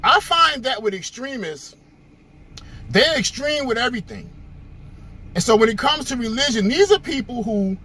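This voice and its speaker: Lively high-voiced male host. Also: moderate pace, pauses often, slight background noise. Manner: conversational, storytelling, with fillers. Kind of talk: casual monologue commentary.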